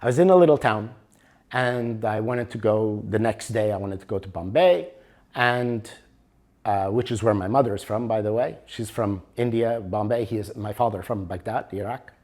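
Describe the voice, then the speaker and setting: A middle-aged man from Canada presenting a motivational workshop, telling a story in a lively way and acting out the dialogue. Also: fairly low pitch, normal speed. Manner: animated storyteller, acts out dialogue.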